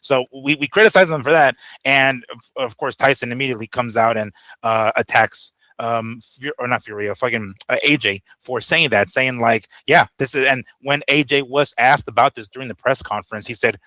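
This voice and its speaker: A man's voice: medium pitch, steady tone, moderate pace, bright, forceful tone, dry recording. A man co-hosting a boxing talk show, chatting casually and rambling with fillers and swearing. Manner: rambling, lots of fillers and profanity. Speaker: boxing podcast co-host. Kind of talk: casual chat.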